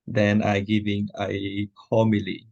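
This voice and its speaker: A man who is not a native English speaker, a priest in an online pronunciation lesson, who repeats words haltingly after his teacher. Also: fairly low pitch, completely flat delivery, gravelly, a little mellow, muffled recording. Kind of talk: online tutoring session.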